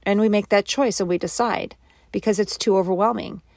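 A woman giving a motivational self-help talk, animated and acting out quoted inner voices. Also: mid-range voice, brisk, dry recording, studio quality.

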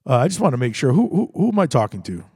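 A man's voice: medium pitch, very animated, normal speed, vocal fry, a little mellow, breathy edge, no echo, studio quality, full character voice. A man voicing an agitated, suspicious father on the phone who stammers and snaps defensively.

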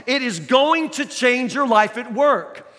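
Emphatic older preacher in a hall. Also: male voice, very high-pitched, animated, slow, bright, forceful tone. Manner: folksy, emphatic preaching with rhetorical questions. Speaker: pastor. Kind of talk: sermon.

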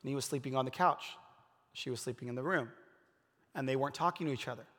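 A man's voice: mid-range voice, fast, a bit bright. Man, pastor, conversational sermon, earnest, rambling restarts, long hall reverb. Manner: casual, earnest storytelling with frequent fillers and restarts. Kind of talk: conversational sermon with personal stories.

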